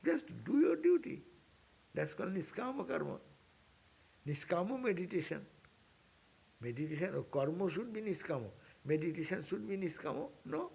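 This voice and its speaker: A higher-pitched man with a gravelly, husky voice teaching a spiritual class. He speaks earnestly and repeats his main points, his pitch leaping up in sudden bursts as he urges his listeners on. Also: sing-song, moderate pace, a little mellow. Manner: earnest, repetitive, exhorting, with sudden upward bursts. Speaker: monk teaching a scripture class. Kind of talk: informal spiritual class lecture.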